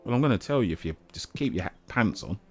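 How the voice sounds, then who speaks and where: A man giving casual, self-mocking commentary over a game he is playing, now and then breaking into a shout. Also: fairly low pitch, lively intonation, quick pace, faint music behind. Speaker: gaming YouTuber.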